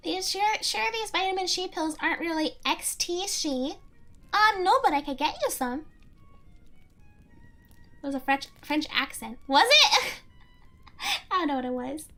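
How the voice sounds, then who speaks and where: Giggly female streamer: very high, bright voice, unhurried casual chat. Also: animated, soft background music. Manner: giggly, playful, chatty.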